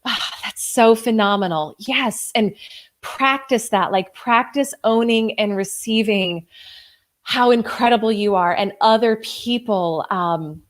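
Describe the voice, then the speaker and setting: A woman's voice: fairly high pitch, takes it slowly. A woman in her thirties hosting a live coaching stream, reading viewer comments aloud in a gushing, effusive way, full of "like" and exclamations. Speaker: host and coach.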